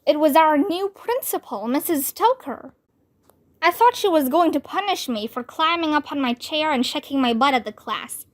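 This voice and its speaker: A woman whose first language is Vietnamese reading a children's chapter book aloud in a clear, lively storytelling manner. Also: sits high, normal speed. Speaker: reader.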